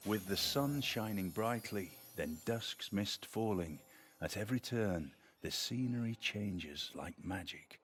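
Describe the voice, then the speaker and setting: A man giving slow, hushed scripted narration for a game, heard quiet and distant with faint noise. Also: on the low side, animated. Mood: calm.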